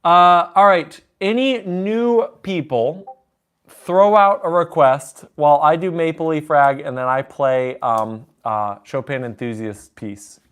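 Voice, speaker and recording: This man's voice is a little high, slow, smooth, and fairly bright. Streaming live from the piano, he takes song requests, reads viewers' chat out loud, and keeps things chatty with joking asides over background piano music.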